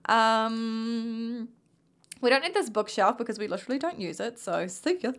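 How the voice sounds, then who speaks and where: A young woman with a New Zealand accent gives relaxed, rambling commentary over a life-sim game, often talking straight to her characters. Her voice sits high and she sounds worn out, yawning through the session. It is recorded close on a desk mic. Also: normal speed. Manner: chatty, rambling, talks to her sims. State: tired, yawning. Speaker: gaming youtuber. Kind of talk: casual gameplay commentary.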